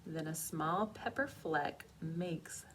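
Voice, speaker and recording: A young woman librarian reads a rhyming picture book to children at an unhurried pace. Her voice sits on the low side, and she keeps it lively and playful, turning to the kids with little questions. Faint room hum sits under her voice. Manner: slow, animated read-aloud with asides to kids. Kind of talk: children's storytime reading.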